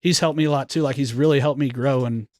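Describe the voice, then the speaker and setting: A man in casual podcast chat, telling animated family stories full of "like" fillers. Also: medium pitch, fast talker, no echo. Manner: animated storyteller, many "like" fillers. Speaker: podcast guest, firefighter.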